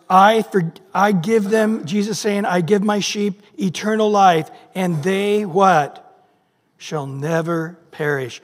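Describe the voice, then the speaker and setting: A man's voice: sits high, long reverb tail. A middle-aged man preaching a sermon, emphatic, often asking his listeners questions and answering them. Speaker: pastor.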